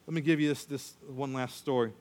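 Animated preacher in a reverberant hall. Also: male voice, mid-range voice, fairly quick. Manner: animated storytelling, acts out voices. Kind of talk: sermon with personal story.

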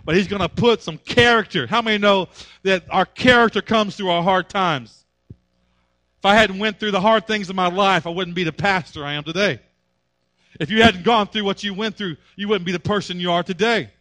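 A male pastor delivers a sermon, driving home his points through emphatic repetition. His voice sits high and comes out forceful and bright. The recording is dry and close. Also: moderate pace, dry recording.

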